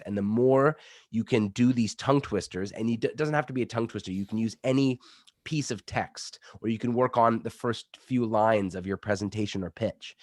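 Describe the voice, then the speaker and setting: A man's voice: lowish voice, dry recording. Guy coaching public speaking, upbeat and demo-heavy, bit sick, dry close mic. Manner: energetic, coaching with demonstrations. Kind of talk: online workshop instruction. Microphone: studio microphone.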